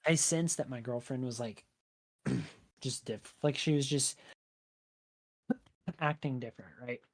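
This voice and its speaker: A man talks as a guest on a casual podcast. He tells his stories in an animated way, and his sentences are full of "like" and "right?". His pitch sits in the middle range for a man. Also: a little slow. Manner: chatty, leans on "like" and "right?".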